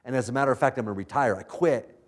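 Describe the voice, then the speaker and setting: A weary champion racing dog , as a lecturer puts him on, explains calmly why he will not run again. The tone is reflective and plain, at a mid pitch. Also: racing, lightly acted.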